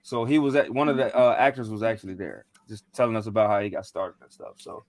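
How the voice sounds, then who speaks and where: A man's voice: on the low side, fairly even intonation, quick pace, a crowd in the background. A young man in casual chat, telling a rambling, slangy story with lots of fillers and restarts. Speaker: podcast co-host.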